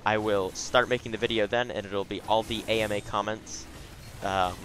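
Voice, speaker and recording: A man's voice: on the low side, fairly even intonation, moderate pace, a bit bright, a little hiss or hum. A young man giving casual, chatty commentary over his own gameplay, with frequent asides.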